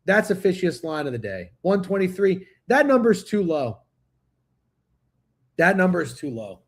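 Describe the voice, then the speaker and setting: Hosting a sports betting livestream, a man speaks at normal speed in a high, sing-song voice with a breathy edge. His talk is casual and full of profanity, aimed straight at his chat.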